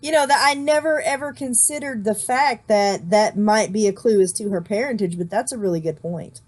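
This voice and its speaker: A woman's voice: medium pitch, normal speed, a little mellow. A woman hosting a casual movie discussion, chatty and long-winded, restarting her sentences often. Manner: chatty, explains at length with frequent restarts. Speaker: host.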